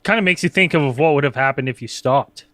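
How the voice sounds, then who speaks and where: A man co-hosts a casual radio talk show in the studio and asks rambling, easygoing questions at an ordinary mid pitch. The studio sound is dry and close. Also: brisk, fairly bright tone, no echo.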